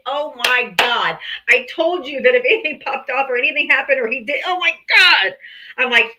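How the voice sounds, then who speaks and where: A woman's voice: high-pitched, lively intonation, normal speed, sharp tone, poor audio. A woman hosting a live political debate stream, combative, sarcastic and heavy on profanity.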